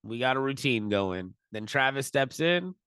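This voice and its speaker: A man hosting a podcast, telling stories in an animated, self-deprecating way. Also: mid-range voice, moderate pace, smooth, no echo. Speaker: podcast co-host. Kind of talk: casual storytelling chat.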